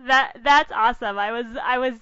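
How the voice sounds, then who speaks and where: Bright, crisp woman interviewer. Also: a little high, a little fast, dry recording. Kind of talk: casual interview chat. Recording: dry, dull lo-fi recording.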